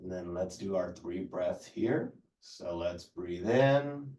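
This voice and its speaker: A man leads a yoga class, giving slow, calm cues for each stretch and breath. His voice sits on the low side and comes from a distance, carrying the echo of the room around him. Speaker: yoga instructor. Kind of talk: guided yoga class instruction.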